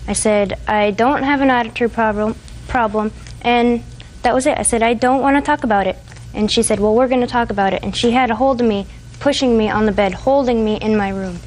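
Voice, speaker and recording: Young woman, 20s, defendant; rambling, halting testimony. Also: fairly high pitch, a little mellow, slight background noise, poor audio. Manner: rambling, hesitant retelling with fillers. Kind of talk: courtroom testimony. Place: TV courtroom.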